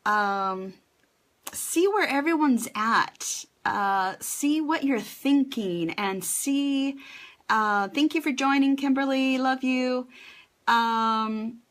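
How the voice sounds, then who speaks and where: A woman chatting on her first live video, greeting viewers one by one with plenty of ums and a slightly nervous energy. Her voice sits fairly high and her pace is slow and unhurried. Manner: chatty, warm greetings to viewers, filler-heavy. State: a little nervous. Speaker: essential oils class host. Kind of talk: first live-stream chat.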